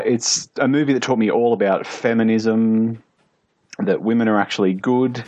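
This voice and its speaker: A man voicing a mock Australian male film correspondent, putting on an Australian accent and delivering a deadpan comic review. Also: lowish voice, no room sound, rough recording. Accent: put-on Australian. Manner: deadpan mock review, dry one-liners. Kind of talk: comedy sketch monologue.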